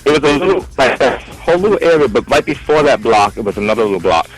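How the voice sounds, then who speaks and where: Animated New man telling stories. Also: mid-range voice, quick pace, faint music behind, poor audio. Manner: animated, acts out quoted voices. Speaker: storyteller guest. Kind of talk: casual storytelling.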